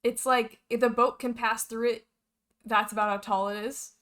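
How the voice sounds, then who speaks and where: Woman running a tabletop game, bright voice, slightly high, lively with many fillers. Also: normal speed. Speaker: game master.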